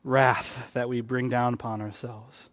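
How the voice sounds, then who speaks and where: The delivery is flat and a little slow as this man preaches, yet he lifts his voice in pitch and volume to underline points. Quotes he reads get acted out, and the sound has a long hall reverb.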